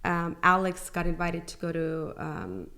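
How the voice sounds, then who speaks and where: A woman's voice: on the low side, big pitch swings, measured pace, vocal fry, bright, forceful tone. A young woman giving an emotional personal testimony as a podcast guest, talking casually with lots of "like" and acting out what people said. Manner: chatty, many "like" fillers, acts out quoted dialogue.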